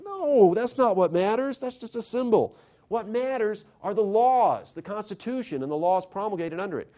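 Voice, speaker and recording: A man lecturing an audience on constitutional theory in a lively, conversational way, often putting questions to the listeners. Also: sits high, normal speed.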